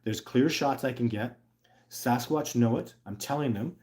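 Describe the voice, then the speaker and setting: A man's voice: medium pitch, unhurried. Rambling middle-aged man, earnest. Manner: enthusiastic, rambling, with many restarts and filler words; bursts into loud excited put-on exclamations. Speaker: host. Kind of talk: casual livestream talk.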